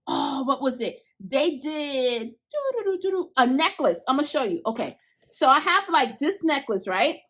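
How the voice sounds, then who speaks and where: Speaking directly to her audience, an excitable woman with a high-pitched voice gushes over the crochet hooks she's unboxing. She chats in relaxed everyday slang, dropping Southern-flavored words like "y'all" and "I'ma."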